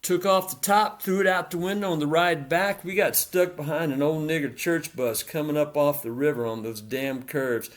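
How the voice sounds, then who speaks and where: A man's voice: a little high, normal speed, few pauses, natural voice. A man voicing a cocky sixteen-year-old farm boy with a sly, laid-back drawl.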